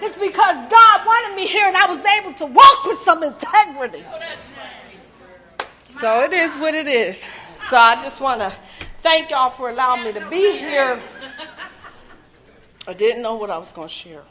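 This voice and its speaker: A woman's voice: high voice, animated, moderate pace, pauses often, crowd noise. Emotional woman sharing her recovery story. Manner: raw, emotional, profane storytelling. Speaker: recovery meeting speaker. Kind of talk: personal testimony at a meeting.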